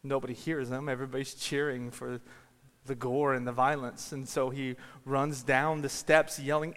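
A man preaching a sermon, telling a story and building to shouted peaks. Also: medium pitch, flat delivery, moderate pace. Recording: long reverb of a large hall.

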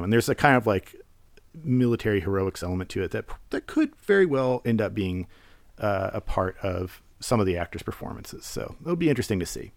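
A man's voice: fairly low pitch, big pitch swings, fairly quick, vocal fry, no echo. A man hosting a podcast, talking through a film in casual solo commentary, rambling with many fillers and restarts. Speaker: podcast host.

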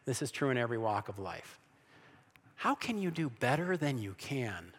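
A man's voice: medium pitch, lively intonation, moderate pace. A man giving a preached talk to an audience, emphatic, with sarcastic asides, rhetorical questions and frequent restarts. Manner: frequent restarts and repeated words. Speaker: Christian speaker on evangelizing. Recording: long hall reverb.

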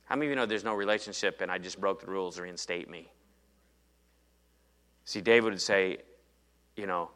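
A man preaching a sermon, retelling Bible stories with animated storytelling and acting out the dialogue. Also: low voice, brisk, long pauses.

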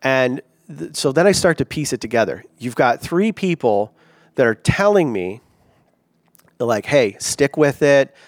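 A male pastor delivers a sermon in an animated, storytelling manner, slipping into quoted voices and asides. His voice sits at an everyday middle pitch. The sound is dry and close, with little room around it. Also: a little slow, no echo.

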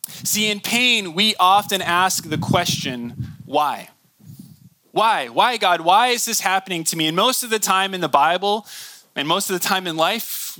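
A man preaching a sermon, earnest, building with rhetorical questions and dropping soft on key lines. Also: sits high, no echo. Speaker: pastor.

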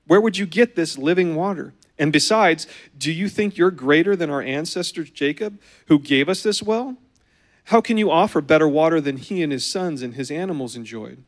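A man reading the lines of a wary, questioning Samaritan woman with his voice pushed up higher. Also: animated, normal speed, close to an everyday voice.

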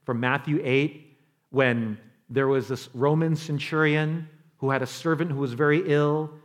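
A man preaching a sermon as pastor, telling stories with animation, acting out quoted voices and dropping to a quiet, slow delivery for emphasis. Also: fairly high pitch, fairly even intonation.

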